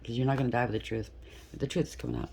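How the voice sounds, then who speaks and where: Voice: medium pitch, steady tone, rapid-fire, vocal fry, warm tone, a little hiss or hum. Blunt, emphatic tarot reader. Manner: emphatic, blunt, keeps checking in with "okay?"; loose and spontaneous, with frequent restarts. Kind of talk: tarot reading to camera.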